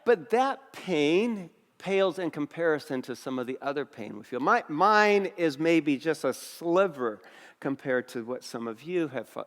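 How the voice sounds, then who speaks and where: Man preaching in a reverberant hall. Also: sits high. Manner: storytelling, animated, acts out quotes. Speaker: pastor. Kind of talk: sermon with personal stories. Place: church auditorium. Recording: long reverb of a church hall.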